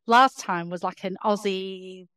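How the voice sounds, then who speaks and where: A woman's voice: mid-range voice, steady tone, a little slow, pushed and bright, smooth, no room sound, clean studio sound. A woman co-hosting a podcast, talking casually with many fillers and easy laughter. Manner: hesitant, lots of fillers, laughs easily. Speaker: podcast co-host. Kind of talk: casual chat.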